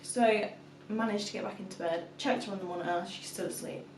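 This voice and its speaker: A woman's voice: mid-range voice, steady tone, brisk, a little hiss or hum. A young woman and mother chatting casually to camera, telling a story and acting out her toddler's calls. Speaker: vlogger, mother of two. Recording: echoey room, mic at a distance.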